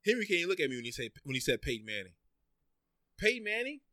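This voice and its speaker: Guy cohosting a podcast, teasing his buddies, kinda high voice, dry close mic. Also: very fast, no room sound. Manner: animated, teasing, stammers when riled up. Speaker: podcast co-host. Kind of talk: casual chat.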